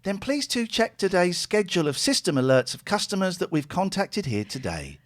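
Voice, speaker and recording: Casting: man playing a high, lively Welsh woman fraudster on a bank line, stiff scripted politeness. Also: normal speed. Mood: polite. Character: high-voiced Welsh woman scam caller posing as bank staff.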